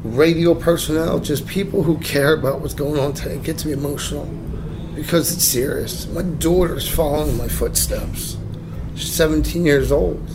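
A man in recovery from addiction, speaking slowly and haltingly, audibly emotional as he gives a candid personal account. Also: a little high, background noise. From New Jersey. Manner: halting, slow, pausing often with ums. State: emotional, voice close to breaking.

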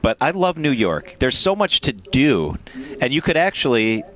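A man's voice: mid-range voice, big pitch swings, fairly bright tone. A man hosting a radio talk show, chatting casually and with enthusiasm. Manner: enthusiastic, quick to agree. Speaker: radio host.

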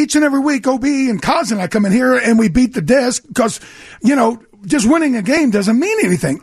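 A man's voice: extremely high pitch, breathy edge, no echo, studio quality. A man in his sixties, a radio co-host and former football player, telling stories animatedly and acting out the voices he quotes. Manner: animated storyteller, acts out quoted voices, restarts often. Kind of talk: casual sports radio storytelling. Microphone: studio microphone.

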